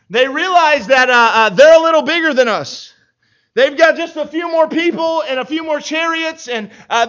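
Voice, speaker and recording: Brief: animated preacher, very high male voice, storytelling sermon, muffled lo-fi. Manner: animated, acts out scenes, many restarts. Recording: dull lo-fi recording.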